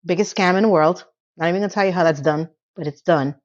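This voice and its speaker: A woman giving a casual, chatty recap of a TV episode, with animated delivery and sarcastic asides. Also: fairly low pitch, fast talker, highs cut off. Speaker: TV episode reviewer.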